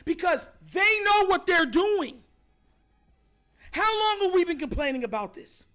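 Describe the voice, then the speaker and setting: A high-pitched man hosts a fired-up sports rant, shouting and hammering the same points again and again. Soft music plays faintly behind his voice. His delivery swings between loud outbursts and quick, insistent asides. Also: sing-song. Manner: fired-up, shouting, repetitive emphatic. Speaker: sports show host. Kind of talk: heated sports commentary rant.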